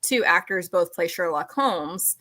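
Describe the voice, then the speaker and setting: A woman hosting a podcast, chatting in a lively way that jumps between thoughts. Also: fairly low pitch, measured pace. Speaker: podcast host. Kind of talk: casual chat.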